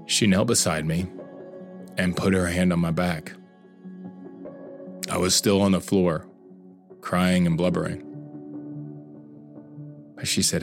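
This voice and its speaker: Deep, gravelly man telling his story. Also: fairly even intonation, takes it slowly, pauses often, over music. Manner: earnest, confessional. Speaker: narrator of his own story. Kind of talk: emotional personal narration.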